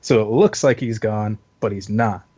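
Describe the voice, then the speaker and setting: A man's voice: on the low side, normal speed, mellow, husky. A man playing a tabletop game, explaining his character's moves in an eager, slightly rambling way. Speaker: player. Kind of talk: casual game talk. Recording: muffled lo-fi recording.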